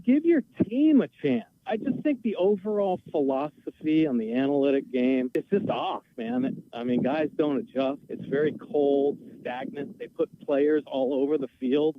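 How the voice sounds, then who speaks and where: Ranting male caller, a bit high-pitched, on a thin phone line. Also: no echo. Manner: exasperated, emphatic, ranting. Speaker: call-in guest. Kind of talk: heated sports opinion rant.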